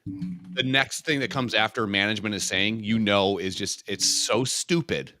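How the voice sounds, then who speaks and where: A man with a low but bright, forceful voice talks casually on a podcast, joking bluntly and asking questions. The sound is dry and close. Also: moderate pace, no room sound, soft background music. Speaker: podcast co-host. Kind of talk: casual chat.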